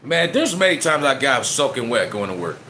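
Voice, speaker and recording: Lively joking streamer man. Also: medium pitch, a little fast, a little hiss or hum. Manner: rambling, joking, talks while eating. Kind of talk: casual chat to viewers.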